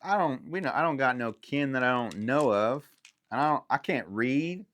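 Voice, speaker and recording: A woman voicing a gruff rustic male farmer bandit who demands tolls, in a drawling backwoods dialect. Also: a bass voice, expressive, moderate pace, voice pushed up. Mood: stubborn.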